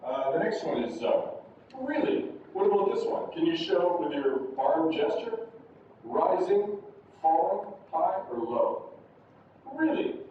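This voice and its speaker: A man's voice: wildly swooping pitch, a little slow, dark tone, slight background noise. Man teaching a lesson in an echoey classroom. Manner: demonstrates intonation with exaggerated high and low examples; patient, step-by-step instructions. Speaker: university English teacher. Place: large classroom. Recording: roomy, distant, dull classroom audio.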